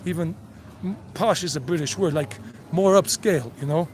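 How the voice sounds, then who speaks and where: A man narrates a casual walking tour outdoors, his voice pitched on the high side. He chats freely to the camera with easy humor. Faint traffic hums in the background. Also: moderate pace, darkish tone. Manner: chatty, switches to Spanish with locals, laughs easily. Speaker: travel vlogger and tour host. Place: outdoors on a town street.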